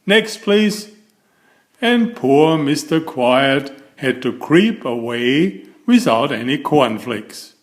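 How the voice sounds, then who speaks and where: A man reads a children's picture book aloud at a very slow, deliberate pace. His voice swoops up and down with lively expression as he draws the young listener in playfully. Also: mid-range voice. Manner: animated, drawn-out, playful to children. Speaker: storybook reader.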